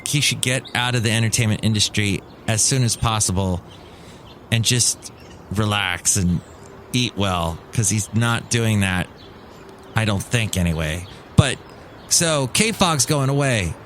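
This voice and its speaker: A man's voice: mid-range voice, fairly bright tone, slight background noise. Wry grumbling male podcast host. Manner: wry, grumbling, mimics others in mocking voices. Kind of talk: casual solo monologue.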